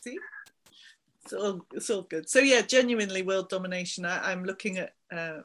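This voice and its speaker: A woman's voice: medium pitch, normal speed, a bit bright. A woman in her forties with a slight Somerset twang, chatting upbeat as a guest in an interview and laughing easily. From England. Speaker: guest, business founder. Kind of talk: casual interview chat.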